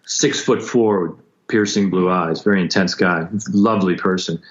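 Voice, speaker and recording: A man recounting a painful story as a podcast guest, intense and halting, with frequent restarts and acted-out quotes. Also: sits low, fairly even intonation. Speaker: guest musician. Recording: dull lo-fi sound.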